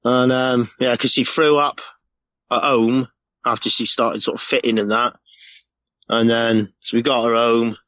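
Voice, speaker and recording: A man's voice: mid-range voice, flat delivery, measured pace, fairly bright tone, no room sound, dull audio. A middle-aged man from the UK telling a rambling, emotional story in a casual recorded message, swearing freely. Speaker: podcast segment contributor.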